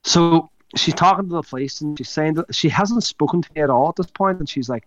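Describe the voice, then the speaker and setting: A man's voice: fairly high pitch, brisk, hardly any pauses, no room sound, muffled recording. Sweary man telling a story. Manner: rambling, sweary, laughs mid-sentence. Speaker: podcast co-host. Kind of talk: casual storytelling chat.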